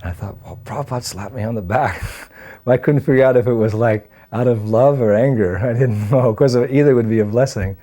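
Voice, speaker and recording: A man in his sixties telling a personal story in an animated way, acting out the dialogue as he goes. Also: medium pitch, a little fast. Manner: animated storyteller who acts out dialogue and laughs at himself. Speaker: devotee sharing memories of his teacher.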